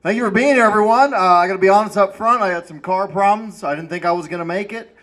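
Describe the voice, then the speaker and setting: A man's voice: high-pitched, fast, fairly bright tone. Laid-back self-mocking male stand-up comic. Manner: self-deprecating, laid-back stoner delivery. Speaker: stand-up comedian. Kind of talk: stand-up comedy set. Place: comedy club stage with audience.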